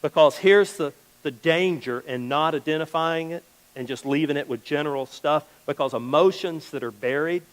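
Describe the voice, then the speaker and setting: Man, pastor, high voice, easygoing sermon, acts out quick quoted exchanges. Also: rough recording. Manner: conversational preaching, acts out little quoted exchanges. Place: church.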